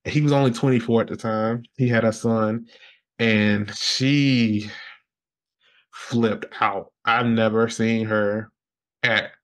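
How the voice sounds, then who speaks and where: A man as a podcast guest telling a personal story in casual interview talk, rambling with fillers and jumping high in pitch when he quotes others. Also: slow. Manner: animated, jumps high when quoting others.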